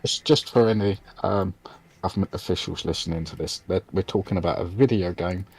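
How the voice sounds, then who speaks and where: A man from Britain with a fairly low voice, talking loosely on a podcast. He hesitates often, fills gaps with ums and restarts his sentences. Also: brisk, darkish tone, breathy edge, low-quality recording. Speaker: podcast co-host. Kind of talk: casual chat.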